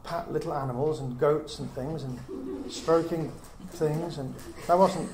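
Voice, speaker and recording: A man's voice: a little high, steady tone, a little slow. Earnest man teaching in an echoey room. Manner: earnest, reasoning with rhetorical questions. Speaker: Bible teacher. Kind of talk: teaching talk to a small group. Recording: echoey room with faint hiss.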